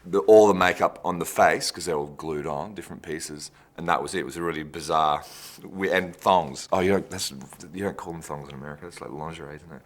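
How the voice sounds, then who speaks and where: This actor, giving an interview, has a very deep voice and talks a little fast with few pauses. He rambles chattily through behind-the-scenes anecdotes, often restarting his phrases.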